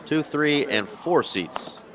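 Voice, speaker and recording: A man's voice: a little high, lively intonation, slow pace. A man doing chatty, upbeat play-by-play commentary on a live poker stream. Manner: upbeat, chatty, laughs easily. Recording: card room crowd chatter behind. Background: murmur of a busy card room.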